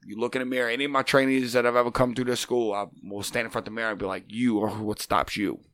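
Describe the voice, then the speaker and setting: A man's voice: mid-range voice, quick pace, no room sound. A middle-aged man telling stories in a casual chat, acting out dialogue in different voices. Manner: animated, acts out dialogue in quoted voices. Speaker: wrestling trainer, guest. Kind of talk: casual storytelling.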